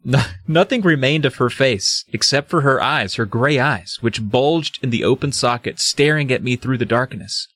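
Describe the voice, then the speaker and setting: A man's voice: mid-range voice, moderate pace, hardly any pauses, fairly bright tone, no echo. A man with a dry close-miked voice, mixing dramatic read-aloud passages with sardonic, swearing remarks. He sounds like a podcast co-host riffing casually on a book.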